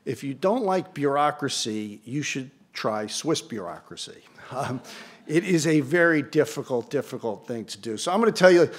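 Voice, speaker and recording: A man in his sixties is speaking to an audience in an event hall, telling a story from the podium. His delivery is lively and conversational, and he breaks off for dry, self-deprecating asides. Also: medium pitch, moderate pace, husky. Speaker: award ceremony speaker. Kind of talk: anecdotal speech to an audience.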